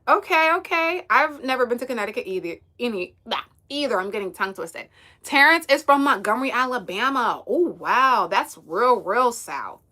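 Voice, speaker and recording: A young woman from the US East Coast chats on her livestream, reading out viewer comments. Her voice is bright and a little high, and she giggles often between easygoing remarks. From United States, East Coast. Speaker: livestream host.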